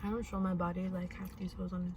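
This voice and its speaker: A woman's voice: on the low side, little pitch movement, quick pace, darkish tone, slight background noise. A young woman casually telling a story, swearing and laughing often while eating. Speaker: host. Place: indoors at home, eating.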